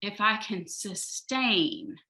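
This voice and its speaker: A woman's voice: medium pitch, huge pitch swings, takes it slowly, gravelly, pushed and bright, poor audio. A woman with a North Georgia Southern accent, chatting on a panel as a novelist, laughing often. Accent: Southern American, North Georgia. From North Georgia, USA. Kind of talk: casual panel discussion.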